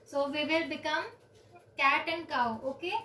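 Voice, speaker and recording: A woman, teaching children yoga on a video call with slow, clear instructions and counting. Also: high-pitched, sharp tone, slight background noise. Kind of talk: online yoga class for children. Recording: roomy, distant from the mic.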